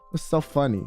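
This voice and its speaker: A man streaming, telling a story in a rambling, slangy way and swearing freely. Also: a little mellow. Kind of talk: casual chat storytelling.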